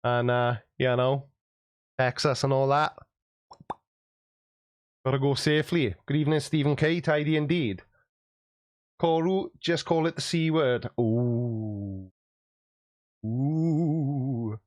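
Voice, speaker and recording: A man's voice: fairly high pitch, fairly even intonation, unhurried, pauses often, clear, resonant tone, dry recording, clean studio sound. A man hosting a livestream, chatting in a jokey, self-deprecating way as he reads out viewer comments. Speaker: YouTube host.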